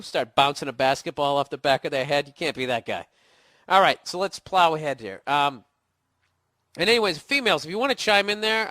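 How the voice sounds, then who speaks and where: A man's voice: fairly high pitch, a little fast, sharp tone, no echo, studio quality. A man getting over a cold, ranting casually and profanely as a podcast host, blunt and sarcastic. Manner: blunt, swearing, sarcastic asides. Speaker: podcast host answering a listener email. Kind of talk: casual profane comedic rant.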